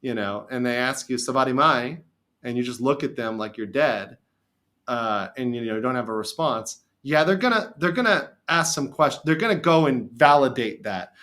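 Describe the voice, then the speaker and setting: Middle-aged American attorney guest, animated and emphatic, very lively pitch. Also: male voice, moderate pace. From USA. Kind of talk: casual podcast interview.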